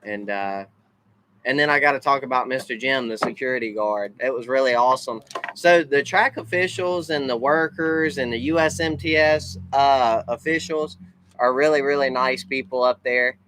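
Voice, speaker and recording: Southern guy, family vlog host, rambling thank-yous, mid pitch. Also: moderate pace, fairly bright tone, a little hiss or hum, poor audio. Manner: rambling, lots of uh fillers. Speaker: racing family vlogger. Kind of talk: casual live recap, thanking people.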